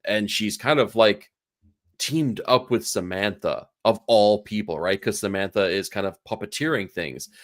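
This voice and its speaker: A man's voice: on the low side, dry recording, clean studio sound. A man co-hosting a podcast, casually summarizing a comic's plot with frequent fillers. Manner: relaxed summarizing, hedges with fillers. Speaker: podcast co-host. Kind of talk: casual comic book discussion.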